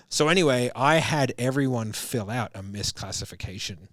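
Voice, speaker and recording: This business coach in his thirties, appearing as a podcast guest, sounds animated and mid-range at a moderate pace. Laughing and cursing freely, he spins casual stories, performs other people's quotes, and sprinkles in "like" and "bro." Clean, dry studio audio.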